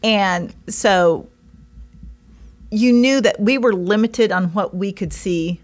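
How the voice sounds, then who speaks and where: A woman's voice: mid-range voice, takes it slowly. A woman from Iowa chatting casually, telling a story with frequent giggles. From Iowa, United States. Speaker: co-host telling how the couple met. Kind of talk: casual chat.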